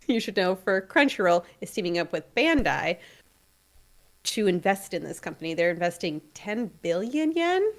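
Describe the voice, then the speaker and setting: A woman's voice: medium pitch, big pitch swings, normal speed. A woman co-hosting a podcast, chatting casually and laughing easily as she walks through news step by step. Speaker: podcast co-host. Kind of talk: casual chat.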